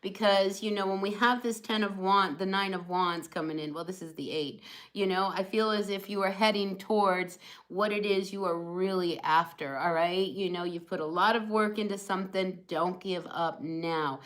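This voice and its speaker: A woman with a mid-range, fairly bright voice gives a casual, chatty live tarot reading at a normal speed and fairly even intonation. She encourages her viewers and fills her talk with phrases like "you know" and "all right." The recording quality is low.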